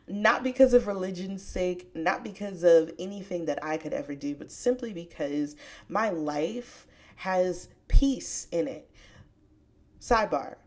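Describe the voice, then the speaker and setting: A woman hosting a podcast, talking about scripture in a casual, chatty way with bursts of excitement. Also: fairly low pitch, takes it slowly. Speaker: podcast host. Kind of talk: casual faith podcast talk.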